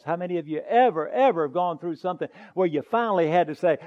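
A man's voice: sits high, animated, brisk, few pauses, no room sound, muffled recording. A man preaching a sermon, chatting folksily with the congregation and building to emphatic declarations.

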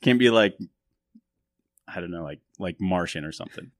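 Deep-voiced joking podcast host man. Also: animated, moderate pace, no room sound, clean studio sound. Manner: joking, self-mocking, rambling. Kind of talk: casual podcast chat.

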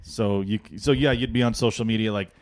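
A man's voice: lowish voice, fairly even intonation, fairly quick. A man co-hosting a podcast, rambling casually with lots of filler words and swearing. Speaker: podcast co-host. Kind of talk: casual comedic chat.

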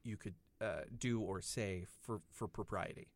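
A man with a fairly low voice talks through a film's hidden themes in a relaxed podcast chat. He is thoughtful and explanatory, building his points step by step. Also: measured pace. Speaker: podcast co-host. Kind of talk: casual film discussion.

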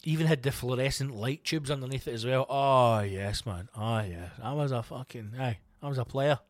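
A middle-aged Scottish man, a comedian hosting his own show, telling rambling, sweary stories in a casual, animated way. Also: mid-range voice, normal speed, dry recording. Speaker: comedian podcast host. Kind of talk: casual comic storytelling.

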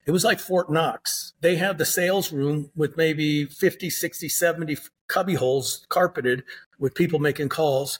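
A man's voice: on the high side, slightly rough. An older man, a former undercover officer, tells a story in a plainspoken way and acts out the dialogue. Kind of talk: storytelling interview.

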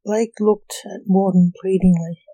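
A storyteller reads fiction aloud in a measured, plain manner. The pace is slow and the tone is mellow. The sound is dry and close, with no room echo. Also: mid-range voice, fairly even intonation.

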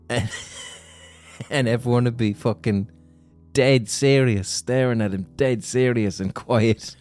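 A man's voice: mid-range voice, unhurried, darkish tone, soft background music. A man, hosting a podcast and telling a crude comic story in a rambling, self-amused way. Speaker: podcast host.

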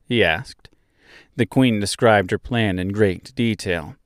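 A man narrating a chapter of a novel in a measured, expressive reading. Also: lowish voice, no echo, studio quality. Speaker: audiobook narrator. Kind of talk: storybook narration.

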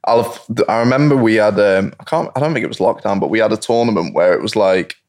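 A man's voice: fairly low pitch, fast, a little mellow. Laid-back young man telling stories. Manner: laid-back storytelling, laughs often. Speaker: guest footballer. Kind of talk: casual chat.

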